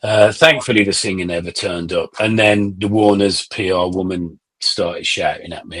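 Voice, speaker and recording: A middle-aged man, a musician guest on a podcast, telling animated anecdotes in casual conversation and swearing freely. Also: lowish voice, moderate pace, hardly any pauses.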